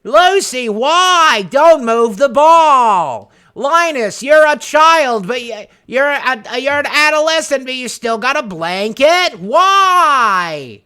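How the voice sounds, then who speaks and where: A man voicing an anxious cartoon boy who whines and pleads slowly. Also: very high-pitched, lively intonation, sharp tone, clean tone, voice pushed up, full character voice. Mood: whining. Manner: slow, pleading and whiny.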